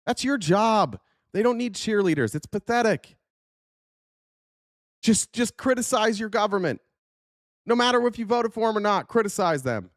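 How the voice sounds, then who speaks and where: A man's voice: high-pitched, lively intonation, moderate pace, long pauses, dry recording, studio quality. Blunt, swearing male political host. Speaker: show host. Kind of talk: profane political commentary.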